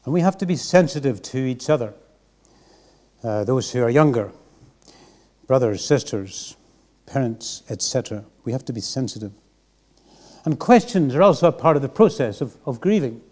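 A man's voice: mid-range voice, animated, normal speed, pauses often, darkish tone. A man preaching a sermon in church, earnest and reflective. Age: 60s.

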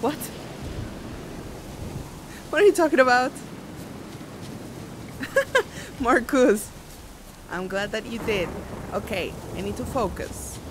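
A woman with a voice on the high side, slow and expressive with frequent pauses, streams a game while music plays and background noise is audible. She chats and giggles with viewers, reads chat aloud, and squeals and shouts when enemies attack.

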